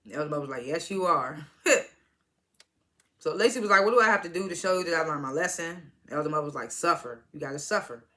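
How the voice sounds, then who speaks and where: A woman's voice: low-pitched, animated, quick pace, bright, forceful tone. A woman casually recapping a TV episode, retelling scenes by quoting each character in turn and laughing at them. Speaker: TV show reviewer.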